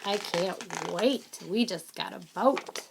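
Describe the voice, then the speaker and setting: A woman's voice: medium pitch, slow pace, creaky, noisy background. A woman reading a children's fishing book aloud, adding chatty, playful comments between the lines of text.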